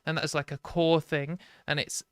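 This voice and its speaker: A British woman hosting a live stream, talking casually and frankly with lots of "like" and quick laughs. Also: low-pitched, flat delivery, no echo. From Britain.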